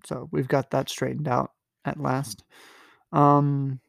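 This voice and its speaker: A man's voice: medium pitch, flat delivery, takes it slowly, gravelly, dry recording, clean studio sound. A young man hosting a podcast, casually recapping a novel in a rambling, amused way with lots of fillers. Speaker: podcast host. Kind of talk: casual book recap with readings.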